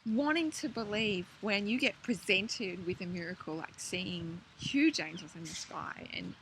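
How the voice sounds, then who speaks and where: A woman pours out her excitement straight to camera, swinging from breathy whispers to delighted high squeals. Her voice is bright and clear and sits at a middle pitch. Faint outdoor ambience with a few birds sits underneath. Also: unhurried, a little hiss or hum. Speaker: spiritual vlogger. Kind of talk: casual heartfelt monologue to camera.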